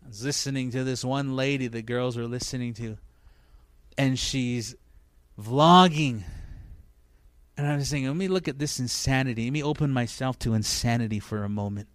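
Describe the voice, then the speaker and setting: A middle-aged man preaching a sermon as pastor, with emphatic, repetitive, drawn-out phrasing. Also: mid-range voice, dry recording.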